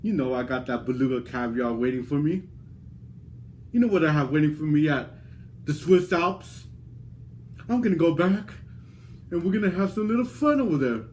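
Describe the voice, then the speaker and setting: A man delivering a theatrical wrestling promo in a boastful, drawn-out, dramatic way. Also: a little high, lively intonation, darkish tone, slight background noise.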